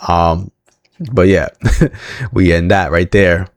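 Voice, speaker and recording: A man's voice: low-pitched, slow pace, long pauses, no room sound. A man hosting a casual wrestling recap, rambling with lots of fillers and chuckling asides.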